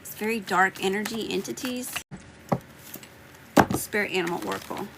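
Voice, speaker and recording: A woman's voice: medium pitch, normal speed, creaky, heavy background noise. A woman with a Southern US accent giving live tarot readings, chatting and greeting viewers by name. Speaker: tarot reader.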